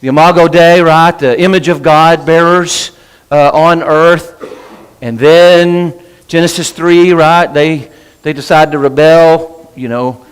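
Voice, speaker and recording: A man's voice: on the high side, fairly even intonation, slow pace, clean tone, long reverb tail. A man teaching a casual Bible class in church, chatty, breaking off his own sentences and asking "right?" often. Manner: chatty, self-interrupting, asks "right?" often. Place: church meeting room.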